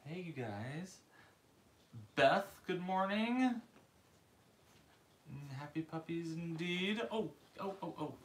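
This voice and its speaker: A man hosting a casual livestream from his living room, cooing and baby-talking to puppies and greeting viewers by name in a loose, rambling way. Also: slight background noise. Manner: coos and baby-talks to puppies, jumping into a high voice. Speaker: dog breeder hosting a livestream. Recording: roomy echoey room.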